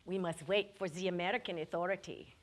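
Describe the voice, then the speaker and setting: A woman's voice: lowish voice, fairly even intonation, a little fast, lightly acted. A woman doing a stern French passport officer. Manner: clipped, formal, broken English.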